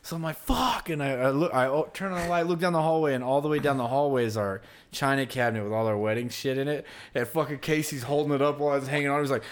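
A man's voice: medium pitch, fairly even intonation, fast, few pauses. A man on a podcast telling a rowdy story among friends, swearing freely, laughing and acting out what others said. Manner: profane, laughing, acts out friends' lines. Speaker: podcast host.

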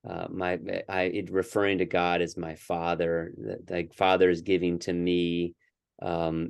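A man's voice: sits low, flat delivery, measured pace, gravelly, smooth, no echo, studio quality. A man co-hosting a casual scripture discussion, earnest and thinking aloud with many fillers and restarts. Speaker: podcast co-host.

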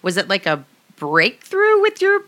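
Bright, teasing woman co-host who laughs easily. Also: mid-range voice, huge pitch swings, measured pace. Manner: playful, teasing, laughs a lot. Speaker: podcast co-host. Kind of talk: casual chat.

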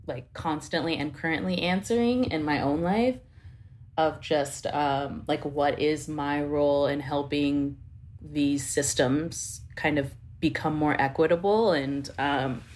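A woman's voice: deep voice, steady tone, takes it slowly, slight background noise. A young woman talking thoughtfully on a podcast, searching for words with many fillers and restarts. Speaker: podcast guest. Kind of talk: casual podcast conversation.

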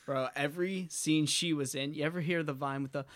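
A man in casual chat about an anime episode, excited and slangy, laughing often. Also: fairly high pitch, fairly quick, few pauses.

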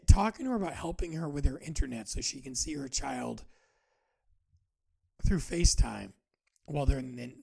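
Gravelly, husky man in his forties. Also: mid-range voice, dark tone. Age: 40s. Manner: earnest, halting, restarts often. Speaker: podcast host. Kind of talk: personal reflective monologue.

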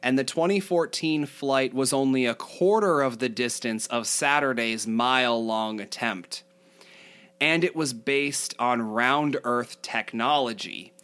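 A man's voice: medium pitch, a little slow, a bit bright, clear, resonant tone. Casting note: male podcast co-host who reads articles aloud, breaks off with fillers and asides, and laughs easily. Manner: reads quotes aloud, laughs often at the story. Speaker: co-host reading news articles. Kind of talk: casual podcast chat, reading aloud.

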